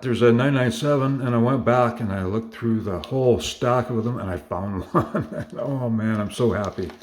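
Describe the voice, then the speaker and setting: A man casually showing off his collection, enthusiastic and rambling, with lots of fillers and little self-corrections. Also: deep voice. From Canada. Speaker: collector showing model cars. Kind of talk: casual show-and-tell.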